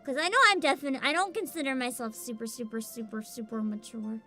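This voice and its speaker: A woman's voice: fairly high pitch, steady tone, fast talker, pushed and bright, soft background music. A woman in her twenties streaming casually as a VTuber, greeting chat by name, laughing often and swearing freely. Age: 20s. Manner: reads out and greets chat names.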